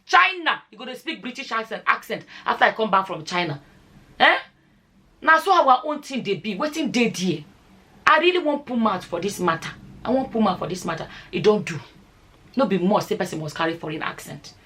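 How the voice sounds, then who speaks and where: A woman's voice: medium pitch, lively intonation, fairly quick, sharp tone, husky. A Nigerian woman with a Nigerian accent giving her views on a casual vlog, firing off rhetorical questions and slipping into Nigerian Pidgin. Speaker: vlogger.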